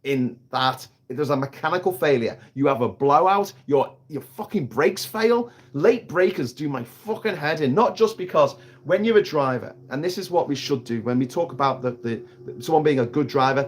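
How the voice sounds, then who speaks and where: A man's voice: fairly high pitch, lively intonation, moderate pace, faint music behind. A British man holds forth on a casual live stream, broadcasting from outdoors on an island. He rants with plenty of swearing and keeps restarting his sentences as he gets heated. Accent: British English. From Britain. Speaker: livestream host.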